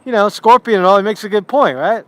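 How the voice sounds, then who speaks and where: A man's voice: sits high, quick pace, bright, forceful tone, pitched above the performer's own voice. A man doing a wary, gullible frog. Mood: doubtful.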